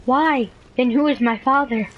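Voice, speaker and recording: A woman's voice: medium pitch, fairly quick, dull audio, a little hiss or hum, lightly acted. A woman voicing a melodramatic young male skeleton pleading with his mother. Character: whiny young male skeleton, abandoned son.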